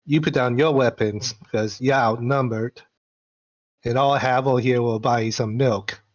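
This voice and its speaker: A man's voice: mid-range voice, fairly even intonation, measured pace, muffled recording, natural voice. A man voicing a condescending adventurer who lectures a young bandit. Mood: patronizing.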